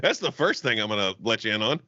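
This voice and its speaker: A man's voice: fairly low pitch, very animated, fast talker, bright, forceful tone, dry recording, dull audio. A man from the Southern US co-hosting a podcast, chatting casually with a profane, joking manner and frequent laughter. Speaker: podcast co-host. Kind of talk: casual comedic chat.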